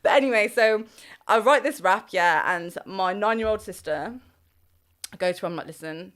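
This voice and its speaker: A young woman, a rapper guest telling animated stories in a casual interview and laughing often. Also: medium pitch, normal speed.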